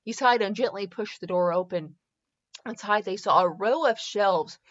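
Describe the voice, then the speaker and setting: Reading a parody fan story aloud, a woman sounds amused and keeps correcting herself in this casual read-aloud. Her mid-range voice moves at a normal speed, captured on a dull lo-fi recording.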